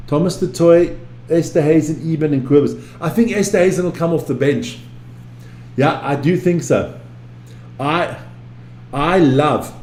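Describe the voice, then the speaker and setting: Guy rambling and swearing on a stream, mellow voice, echoey room with faint hum. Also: a little high. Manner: rambling, repeats himself, swears freely. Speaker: live-stream rugby commentator. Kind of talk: casual live-stream chat reading viewer comments.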